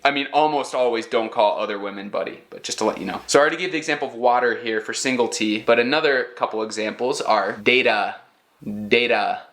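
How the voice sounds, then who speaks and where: An American man giving a casual pronunciation lesson to camera, explaining patiently and repeating example words slowly. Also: mid-range voice, a bit bright. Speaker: English teacher.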